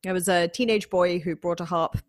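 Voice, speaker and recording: Woman around thirty, northern English accent, lower pitch, dry close sound, laughing storyteller. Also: fairly quick, dry recording. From Manchester, England. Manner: lively storyteller, laughs often, acts out quotes. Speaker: guest harpist. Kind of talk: casual interview chat.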